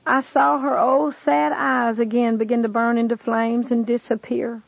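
A woman with a fairly high, level voice and some vocal fry speaks at normal speed, earnestly pleading as she tells her testimony and urges the listener to believe. The recording has no echo but poor audio quality.

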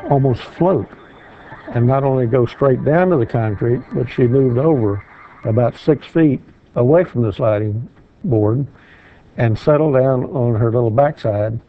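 An older man, a grandfather, giving a measured, factual eyewitness account as a TV guest. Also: medium pitch. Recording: tinny phone-like sound with faint noise.

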